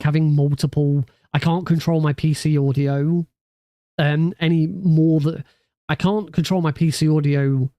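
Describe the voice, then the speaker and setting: A man's voice: fairly high pitch, warm tone, no echo. A man streaming from home, chatting loosely and correcting himself as he talks into a studio mic. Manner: rambling, loose and self-correcting. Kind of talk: casual livestream chat. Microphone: studio mic through a mixing desk.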